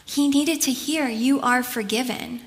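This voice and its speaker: A woman's voice: sits high, a little slow. A woman preaching a sermon in an earnest, conversational way, often adding casual asides.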